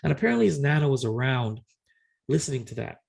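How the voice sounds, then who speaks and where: A middle-aged man, a podcast co-host, telling a personal story in casual chat, animated and acting out conversations with frequent restarts. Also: mid-range voice, fast talker, creaky.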